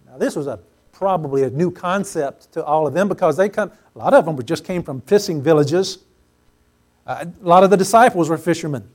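Before a congregation in a church sanctuary, a pastor from the Pacific Northwest US preaches in a notably high voice. He is emphatic, repeating phrases for stress and swelling loud on key words before settling back down.

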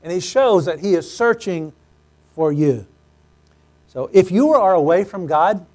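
A man with a fairly high speaking voice delivers a sermon from the pulpit. He keeps it conversational, dropping in light jokes between his points. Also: lively intonation, a little slow, pauses often, darkish tone. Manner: conversational, with joking asides. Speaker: pastor.

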